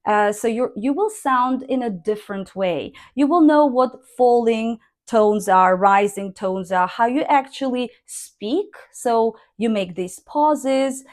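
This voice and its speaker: Woman, teacher, slow deliberate delivery, fairly high voice. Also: darkish tone. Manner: slow, deliberate, models intonation by reading sentences aloud. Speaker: English speaking teacher. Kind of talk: online language lesson.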